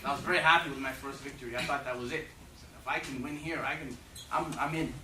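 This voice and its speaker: A man with an Irish accent, giving an energetic, joking story talk in a university lecture hall. He is recorded from a distance in an echoey, noisy hall. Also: mid-range voice, quick pace. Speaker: guest speaker.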